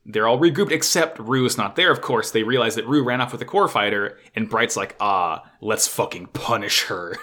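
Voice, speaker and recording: A man co-hosting a podcast, recapping an anime episode in excitable, swear-heavy casual chat and acting out characters' lines. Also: on the low side, normal speed. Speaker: podcast co-host.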